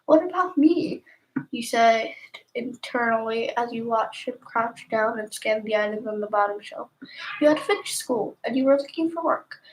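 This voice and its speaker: Woman, soft-spoken ASMR narrator, half-whispered, slow, slightly higher pitch. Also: fairly even intonation, a little hiss or hum, low-quality recording. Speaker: ASMR storyteller.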